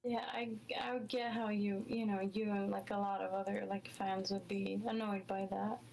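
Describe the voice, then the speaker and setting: A woman co-hosting a casual review chat, excitable and full of fillers. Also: medium pitch, moderate pace, gravelly, slight background noise, low-quality recording. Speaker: co-host reviewing a show.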